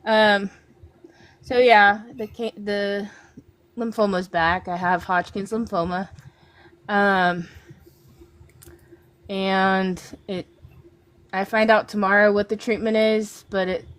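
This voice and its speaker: A woman's voice: medium pitch, little pitch movement, slow, long pauses, fairly bright tone. Woman, interview guest, rambling emotional storytelling, casual talk. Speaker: guest artist.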